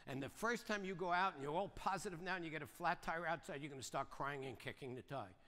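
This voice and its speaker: An older man delivers a rapid, punchy motivational seminar talk, often tossing quick questions to the crowd. His voice is bright and forceful, a touch high for a man, and it rings out with the long reverb of a large hall. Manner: fast, punchy, keeps asking the audience "right?" and "yes or no?". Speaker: seminar speaker.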